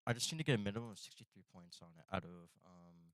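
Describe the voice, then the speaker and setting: A young man streaming from home, talking to himself in a quiet, self-deprecating, mumbling way while studying, with a retainer in his mouth. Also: low-pitched, fast talker, no room sound. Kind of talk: casual live-stream chatter while studying. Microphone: desk streaming microphone.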